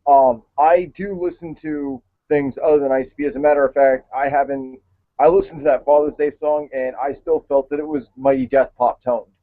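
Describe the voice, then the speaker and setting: A man's voice: mid-range voice, fairly even intonation, normal speed. A man hosting a casual chat, conversational and a bit hesitant, with fillers. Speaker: show host. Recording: tinny phone-like line.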